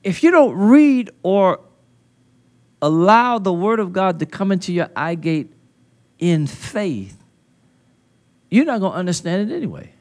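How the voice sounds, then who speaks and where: High-voiced preacher, call-and-response fervor. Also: male voice, big pitch swings, unhurried, pauses often. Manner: call-and-response preaching, rising to loud emphatic peaks; folksy, with colloquial phrasing. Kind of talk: sermon. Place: conference hall. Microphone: handheld mic.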